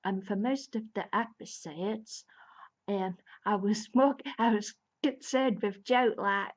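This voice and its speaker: A woman chats her way through a story summary for her video review, stumbling over restarts, fillers and little laughs as she goes. Her voice sits at an ordinary middle pitch. The recording sounds a bit muffled and lo-fi. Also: slow. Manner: rambling, with many restarts and fillers; amused, laughs between lines. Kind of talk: casual retelling of a plot. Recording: slightly dull lo-fi sound.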